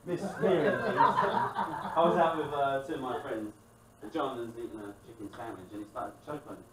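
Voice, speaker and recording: A man's voice: medium pitch, brisk, background noise. A man doing a crude, wry stand-up set and hosting the show, mocking people in quoted voices. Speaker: stand-up comedian and show host. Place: live comedy venue, echoey room with loud music. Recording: echoey live room, distant mic, loud music.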